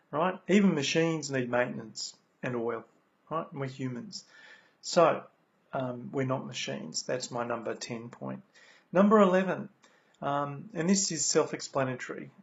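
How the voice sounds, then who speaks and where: An Australian man gives an earnest motivational talk about lessons from his recovery, repeating key phrases and saying "um" a lot. His voice is a little high with vocal fry. The recording is dull and lo-fi.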